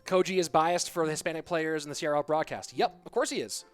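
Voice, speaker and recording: A man's voice: a little high, fast, soft background music. A young man casting a live esports stream, calling the plays and chatting with viewers. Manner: lively play-by-play, chatting with viewers. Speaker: esports caster. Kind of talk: live stream game commentary.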